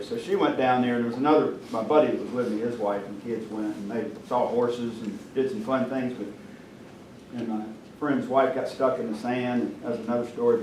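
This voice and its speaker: A man's voice: mid-range voice, a little mellow. A man spins a folksy story for his club in an easygoing, homespun way. He is heard from a distance in an echoey room with noise behind him. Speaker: club member. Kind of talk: anecdote.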